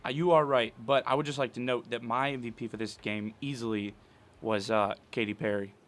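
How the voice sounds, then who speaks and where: A young man co-hosting mock sports commentary, making dry, quiet asides. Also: medium pitch, fairly even intonation, a little fast. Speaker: co-host.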